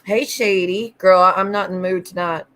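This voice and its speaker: A woman's voice: lowish voice, steady tone, normal speed, a bit bright. A woman hosting a casual livestream, greeting viewers by name and ranting bluntly with lots of swearing. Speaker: livestream host.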